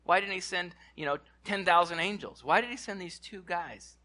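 A man preaching to his congregation in a church, animated, repeating words and asking the room questions. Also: high voice, normal speed. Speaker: pastor. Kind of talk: sermon. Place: church hall.

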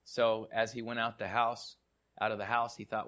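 A male pastor preaching a sermon and telling stories, often repeating words and dropping to quiet, soft tones. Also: fairly low pitch, level tone, moderate pace.

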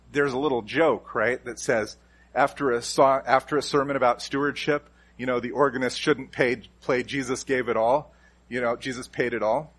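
A man's voice: medium pitch, breathy edge. A man preaching a sermon as a pastor, emphatic and repeating key phrases with shifting stress.

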